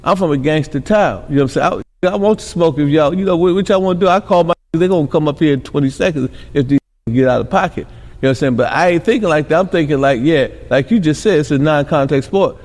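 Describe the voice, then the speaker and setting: A man's voice: fairly high pitch, fast, darkish tone, in a large hall. A middle-aged man from Milwaukee telling rambling stories as a podcast guest, constantly tossing in "you know what I'm saying.". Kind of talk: casual interview storytelling.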